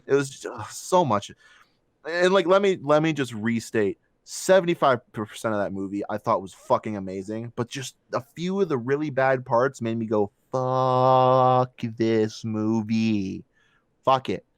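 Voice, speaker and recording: A man's voice: medium pitch, lively intonation, normal speed, no echo. A man co-hosting a casual movie review podcast, ranting with heavy swearing and mocking voices. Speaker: podcast co-host.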